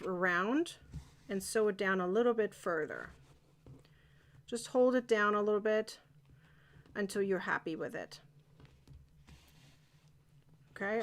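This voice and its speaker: A woman teaching a live crochet-along, chatty and encouraging, often checking that viewers are following. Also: medium pitch.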